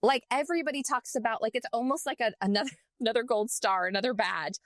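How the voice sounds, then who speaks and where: A woman co-hosting a podcast, chatting casually and telling a story in an animated way with lots of filler words. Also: fairly high pitch, quick pace, dry recording, studio quality. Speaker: podcast co-host. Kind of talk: casual chat.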